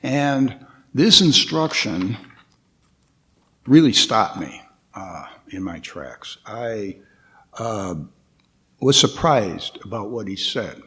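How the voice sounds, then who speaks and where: Slow, lively-pitched man giving a dharma talk. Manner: hesitant, with frequent restarts and pauses. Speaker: guest dharma speaker.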